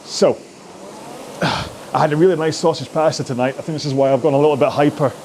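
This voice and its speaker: A man talks through a follow-along rowing workout while rowing on a machine himself. His voice sits fairly high for a man, and he keeps it chatty, jokey and encouraging. A faint hiss runs underneath. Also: steady tone, brisk, darkish tone. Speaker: rowing coach.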